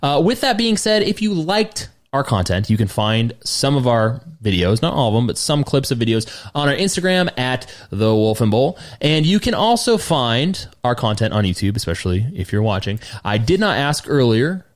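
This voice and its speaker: A man's voice: mid-range voice, very animated, moderate pace, few pauses. A man co-hosting a casual podcast, rambling with lots of fillers and restarts. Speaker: podcast co-host.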